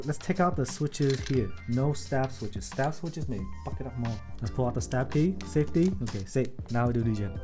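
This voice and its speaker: Building keyboards on a casual livestream, this man is excitable and profane, cracking jokes and talking to his viewers between tasks. Soft music plays faintly in the background, and his voice is in an ordinary middle pitch.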